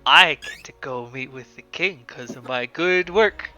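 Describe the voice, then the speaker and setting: A man's voice: a little high, sharp tone, dry recording, soft background music. A man voicing a friendly, folksy townsman with a Wisconsin accent in a tabletop game. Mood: folksy cheerful. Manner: slow, homely, cheerful. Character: folksy friendly middle-aged male NPC townsman.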